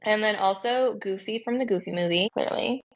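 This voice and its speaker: A woman's voice: medium pitch, moderate pace. Young woman, podcast co-host, casual joking chat, crude humor, slightly dull lo-fi sound. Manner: joking, crude, laughs often.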